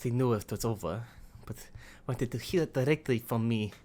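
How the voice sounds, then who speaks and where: A man voicing a gentle teenage boy narrator with a lisp, reading haltingly with restarts. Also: medium pitch, close to an everyday voice.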